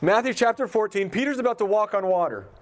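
A man's voice: sits high, lively intonation, fast talker. A man giving an informal Bible teaching in a conversational way, asking his listeners questions as he goes. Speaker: pastor.

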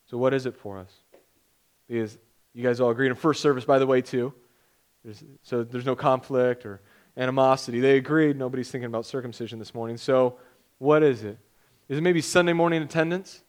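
A man's voice: medium pitch, steady tone, fairly quick, a little mellow, clear, resonant tone. A young man preaching a sermon as pastor, conversational and joking, often acting out imagined voices.

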